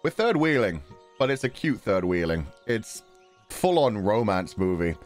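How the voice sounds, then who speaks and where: A man's voice: on the low side, very animated, soft background music. A man chatting casually and laughing as he plays through a story game. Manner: chatty, giggly, quick to laugh. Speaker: streamer playing a game. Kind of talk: casual gameplay commentary.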